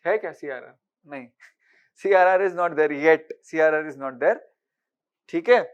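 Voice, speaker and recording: A man giving an exam-prep lecture, briskly quizzing listeners with repeated rhetorical questions and mixing with Hindi. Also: fairly high pitch, clean tone. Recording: dull lo-fi recording.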